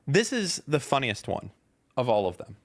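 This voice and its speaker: A man's voice: medium pitch, big pitch swings, normal speed. A man hosting a podcast in casual chat, reading tweets aloud with a sarcastic, mocking manner and many fillers. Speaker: podcast host.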